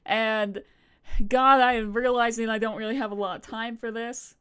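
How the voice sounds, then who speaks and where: A woman's voice: fairly high pitch, fairly even intonation, normal speed, a bit bright, smooth. A young adult woman streamer chatting casually, rambling with frequent swearing and laughter. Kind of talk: casual live-stream chat.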